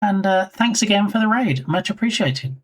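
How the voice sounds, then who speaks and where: A man's voice: high-pitched, lively intonation, normal speed. A man streaming live and chatting casually with his viewers in a playful, teasing way. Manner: playful, jokey, teasing chat.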